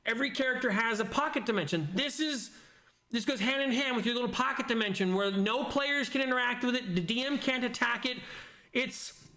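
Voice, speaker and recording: A man's voice: very high voice, a little fast, pushed and bright, roomy sound. A man casually chatting on a livestream, reading viewer comments and thinking aloud with lots of fillers.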